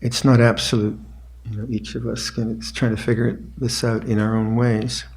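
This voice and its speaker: An older man teaching meditation on a retreat. He speaks in a measured, mid-pitched voice, taking his time, with pauses and restarts as he works through his thoughts. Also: little pitch movement, darkish tone. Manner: slow, reflective, with pauses and restarts. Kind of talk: dharma talk with meditation instructions.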